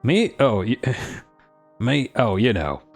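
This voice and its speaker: A man's voice: medium pitch, very animated, slow, gravelly, soft background music, exaggerated voice. A man voicing a jaunty dwarf with an Australian-ish accent. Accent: put-on Australian, drifting Cockney. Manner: jaunty, cheery, theatrical. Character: boastful male dwarf historian, cheerful showman.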